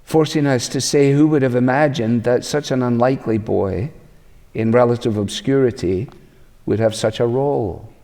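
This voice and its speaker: Preacher in a reverberant hall. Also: male voice, mid-range voice. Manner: expressive preaching, slows for emphasis, acts out questions in a rising voice. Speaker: pastor. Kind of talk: sermon.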